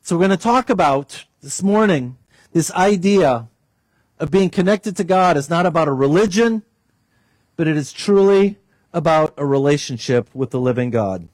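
High-voiced man preaching a sermon. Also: expressive, normal speed, a little mellow, no room sound. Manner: storytelling, prays aloud, varies pitch for emphasis. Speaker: pastor.

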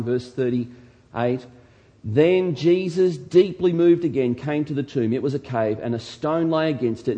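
An animated male preacher delivering a sermon. He reads scripture dramatically and sometimes shouts out the lines he acts out. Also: mid-range voice. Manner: shouts dramatically when acting out quotes. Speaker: pastor.

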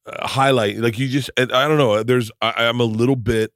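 A man hosting a podcast in casual chat, profane and excitable, rambling through his stories. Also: medium pitch, brisk, no echo, clean studio sound. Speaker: podcast host.

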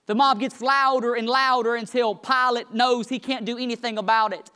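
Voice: medium pitch, steady tone, moderate pace, pushed and bright, clean tone. A Bible study teacher reads a passage aloud, then walks back through it in their own words. The retelling grows livelier as the story builds. There is a light, joking touch in the asides.

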